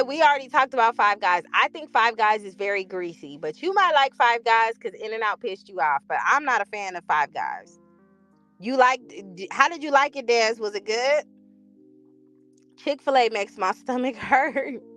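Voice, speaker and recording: A woman from chats casually, her voice pitched a little high clear. She is animated and expressive, swearing freely as she reacts to viewers, and faint music plays underneath. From California. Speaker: livestream host reading chat. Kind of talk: casual chat.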